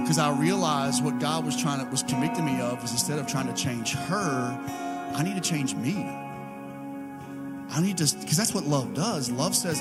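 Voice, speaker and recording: Chatty Southern pastor over soft music. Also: male voice, a little high, normal speed. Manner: conversational, with many filler likes and mans. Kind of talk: sermon. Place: church auditorium. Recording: live church broadcast with music behind.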